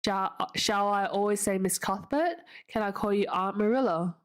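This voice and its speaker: A woman voicing an eager, emotional orphan girl who pleads in a high, breathless voice. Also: moderate pace, natural voice. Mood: wistful.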